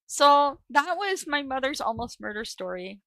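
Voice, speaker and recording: Brash, bright-voiced woman telling a story. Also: high voice, moderate pace, dry recording, rough recording. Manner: blunt, profane, animated storyteller. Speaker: live stream host. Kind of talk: casual storytelling.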